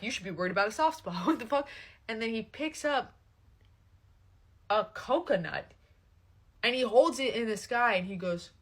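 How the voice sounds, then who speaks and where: A young woman casually telling a story, swearing often and quoting the people in it with voices. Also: medium pitch. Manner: animated, swears a lot, quotes people in voices.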